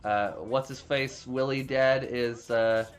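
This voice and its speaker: A man's voice: mid-range voice, steady tone, slow. A man casually recapping a movie plot, rambling with frequent restarts and plenty of swearing. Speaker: movie reviewer.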